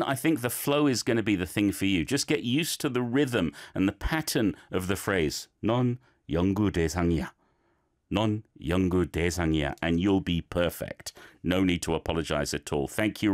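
Encouraging male teacher, lively voice. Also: medium pitch. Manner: encouraging, chatty, with frequent fillers. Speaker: language teacher giving feedback. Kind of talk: friendly feedback on learners' clips.

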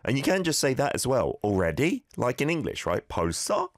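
A man hosting a casual radio language lesson from a studio, animated as he corrects pronunciation with repeated examples. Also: medium pitch, fast talker, dry recording. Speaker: radio host teaching Korean.

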